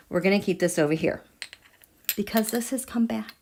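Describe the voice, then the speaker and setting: A woman hosting a live tarot and astrology stream, gushing with excitement, sometimes dropping to a breathy whisper and chatting with her viewers. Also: medium pitch, fairly quick, slight background noise. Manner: checks in with viewers and reads their comments. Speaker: tarot and astrology livestream host.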